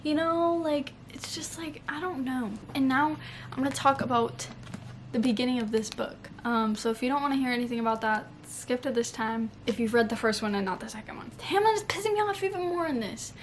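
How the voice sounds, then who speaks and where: A young woman vlogging about a book series in a casual, animated way, swearing often and saying "like" constantly. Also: sits high, a little fast. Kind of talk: casual reading vlog. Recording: faint background noise.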